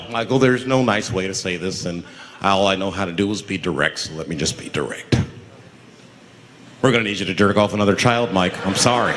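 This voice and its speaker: A man voicing a smooth, overly polite male boss making a grim request in a measured corporate tone, on a live comedy stage. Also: on the low side, slight background noise, pitched below the performer's own voice, natural voice. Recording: echoey hall with loud laughing crowd.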